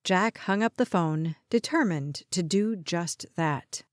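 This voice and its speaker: A woman narrating a novel as an audiobook in a slow, even storytelling manner. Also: on the low side, no room sound, studio quality. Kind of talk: scripted narration.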